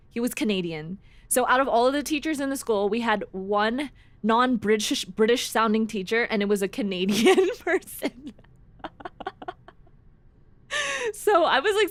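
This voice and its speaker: A woman's voice: fairly high pitch, dry recording. A young woman with an American accent, chatting casually as a streamer in a rambling, giggly way on a desk microphone at home. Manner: chatty and rambling, restarts sentences, giggles often.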